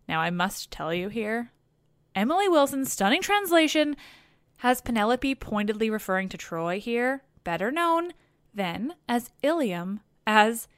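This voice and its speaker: Podcast storyteller, woman, playful and wry, fairly high voice, dry recording. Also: sing-song, unhurried, no echo. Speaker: podcast host and narrator. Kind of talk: casual storytelling retelling of a myth.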